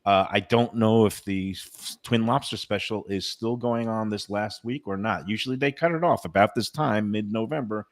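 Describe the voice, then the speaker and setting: A man's voice: lowish voice, moderate pace, hardly any pauses, no echo. A man hosting a food radio show, chatting enthusiastically about restaurants and giving dining tips. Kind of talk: casual food talk and read ads.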